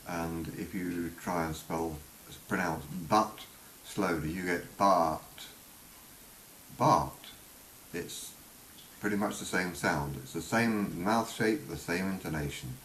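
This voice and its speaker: Slow deep-voiced man explaining vowels. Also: fairly bright tone. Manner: halting, many fillers, demonstrates sounds slowly. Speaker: vowel sound teacher. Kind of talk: unscripted spoken lesson. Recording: roomy with faint hiss.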